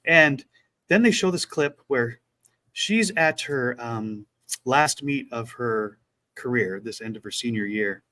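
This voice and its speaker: A man co-hosting a casual chat, retelling a story with lively acted-out quotes. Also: mid-range voice, takes it slowly. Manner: animated retelling, acts out quotes. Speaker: podcast co-host.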